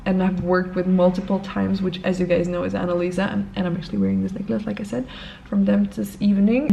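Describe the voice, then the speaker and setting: A young woman talks casually to her camera in a vlog, with a gravelly, fry-laden edge to her voice. She tells her story with animation, putting on the other people's lines as she goes. A faint hiss of noise sits under the recording. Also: mid-range voice, poor audio. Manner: animated storyteller, acts out both sides of a conversation. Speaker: lifestyle vlogger.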